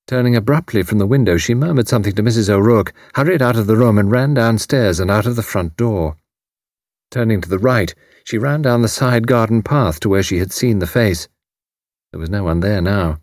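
A man narrating an audiobook in a measured, expressive reading style, close to the mic. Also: fairly low pitch, no echo. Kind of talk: scripted narration.

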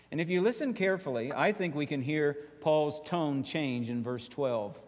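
A male pastor preaching a sermon, emphatic, dropping to quiet slow phrases and rising to urgent appeals. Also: fairly high pitch, in a large hall.

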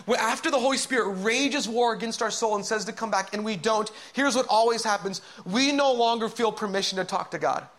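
Man preaching a sermon, high-pitched voice, dramatic swings from loud urging to whispers. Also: fairly quick, hardly any pauses. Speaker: pastor.

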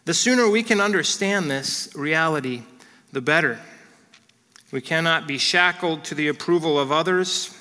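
A man preaching a sermon as pastor, earnest and direct, dropping into soft prayer and light family stories. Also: a little high, moderate pace, long reverb tail. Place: church hall.

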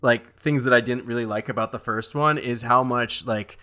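A man co-hosting a podcast in casual movie-discussion chat, animated and joking. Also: medium pitch, normal speed. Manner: animated, joking, laughs often. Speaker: podcast co-host.

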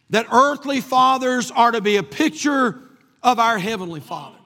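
A man's voice: very high-pitched, bright, forceful tone. A man preaching a sermon as pastor, repeating phrases for emphasis, recorded in a church. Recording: long hall reverb.

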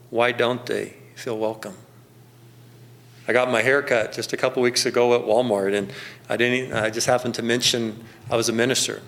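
Folksy small-town pastor telling stories. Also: male voice, medium pitch, creaky, fairly bright tone. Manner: folksy storytelling, slows down for emphasis, chuckles often. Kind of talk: sermon.

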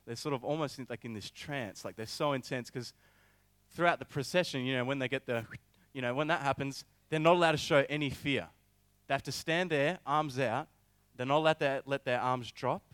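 A young man preaching a sermon, telling a personal story in an animated way with many filler words. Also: mid-range voice, brisk, no echo.

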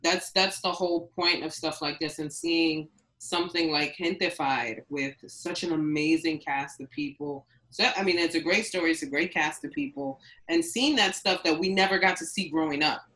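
A woman with a somewhat low voice co-hosting a podcast. She talks casually and with eager interest, trading stories with her guest. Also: normal speed, few pauses, a bit bright, low-quality recording. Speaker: podcast co-host.

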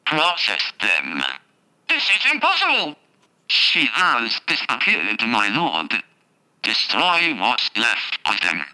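A man's voice: medium pitch, wildly swooping pitch, slow, pushed and bright, full character voice. An actor voicing a scheming, panicky male alien viceroy for a toy sound chip, in a nasal, exaggerated drawl that swings between commanding and alarmed.

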